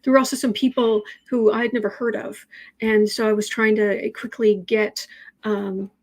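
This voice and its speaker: A woman's voice: medium pitch, flat delivery, normal speed. A woman hosting a daily tarot livestream, talking casually to viewers and breaking off to talk to her cat. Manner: chatty, talks to her cat between remarks. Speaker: tarot reader and livestream host.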